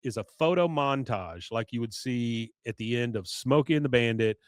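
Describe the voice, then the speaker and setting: Podcast guy recapping a cartoon ep, lots of uh's and throat clearing, voice going hoarse, dry close mic. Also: medium pitch, animated, normal speed, dry recording. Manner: rambling retelling with many "uh"s, coughs and throat clearing. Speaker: podcast host. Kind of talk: casual episode recap.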